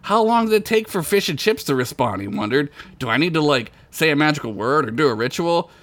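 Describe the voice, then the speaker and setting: A man's voice: fairly high pitch, very animated, fairly quick, a bit bright, dry recording. A man reading a crude comic story aloud as podcast host, laughing often.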